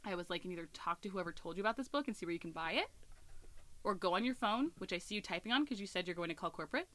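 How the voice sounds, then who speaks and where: A woman co-hosting a podcast, telling a story from her old job in a casual, animated way, with lots of "like" and laughter. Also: medium pitch, racing. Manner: animated, laughing, swearing, filler-heavy. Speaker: podcast co-host.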